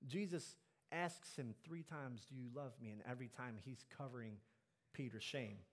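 A man preaching a sermon, climbing to loud emphatic peaks and dropping low and soft on key lines. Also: normal speed.

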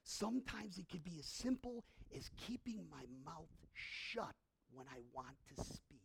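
A middle-aged male pastor preaching a sermon in a conversational way, asking the congregation questions and swinging from hushed to impassioned. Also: a little high, sing-song, a little slow, gravelly, slightly rough. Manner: conversational, asks the audience questions.

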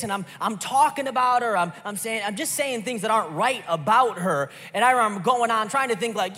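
High-voiced male preacher telling stories. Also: a little fast, few pauses, big-room sound. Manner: storytelling, animated, restarts. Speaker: pastor. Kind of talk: sermon with personal story.

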